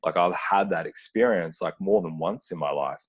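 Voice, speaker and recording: A man's voice: deep voice, moderate pace, husky. A man speaking as a podcast guest, earnest and searching, often filling with "like" as he reflects. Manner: earnest, searching, frequent "like" fillers. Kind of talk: reflective conversational talk. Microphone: remote call.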